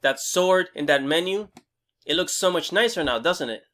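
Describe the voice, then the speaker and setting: A young man hosting a casual game review vlog, excitable and rambling, swearing freely and restarting his sentences often. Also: a little high, normal speed. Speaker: gaming video host.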